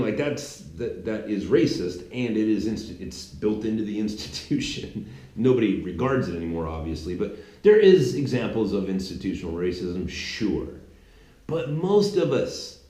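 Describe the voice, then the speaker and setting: A commentary channel host in his thirties delivers a rambling, mocking political monologue, full of restarts and fillers. His voice is on the low side and warm, recorded in a roomy, echoey space.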